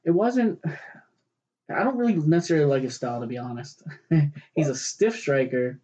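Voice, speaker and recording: A man's voice: on the high side, sing-song, normal speed, warm tone, lo-fi sound. A man co-hosting a casual fight talk podcast, rambling and swearing as he restarts his sentences. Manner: rambling, profane, restarts often. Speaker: podcast co-host. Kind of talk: casual chat about fights.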